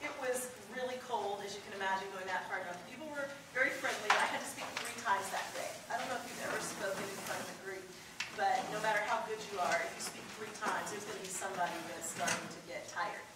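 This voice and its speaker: A woman giving a live motivational talk to a student audience, telling lively stories and joking with the crowd. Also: mid-range voice, fast. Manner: lively storyteller, jokes with the crowd. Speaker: motivational speaker. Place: large hall with an audience. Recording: echoey hall from far off, noisy.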